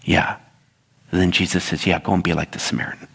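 Male pastor, low-pitched, storytelling sermon voice with animated asides, reverberant church hall. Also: quick pace, creaky, breathy edge.

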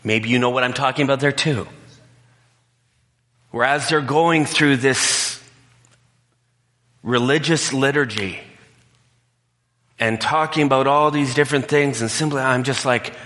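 A man's voice: mid-range voice, a little slow, pauses often, sharp tone, long reverb tail. A male pastor preaching a conversational sermon, telling a personal story in a candid, emotional way.

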